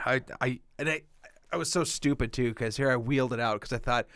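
A man's voice: mid-range voice, fairly quick, clear, resonant tone, no echo, studio quality. A young man co-hosting a podcast, ranting and swearing through casual banter. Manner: profane, ranting, animated. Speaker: podcast co-host.

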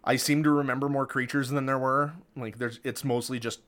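This man co-hosts a laid-back podcast, talking over a movie and a tabletop monster. His voice is medium in pitch and fairly bright, his intonation fairly even, and his pace a little quick. He rambles, uses lots of fillers, restarts often, and laughs a lot.

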